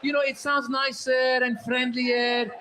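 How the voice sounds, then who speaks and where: A man doing an animated stand-up routine, laughing as he talks and slipping into mock accents. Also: very high-pitched, a little slow, a faint crowd, a little hiss or hum. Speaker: stand-up comedian.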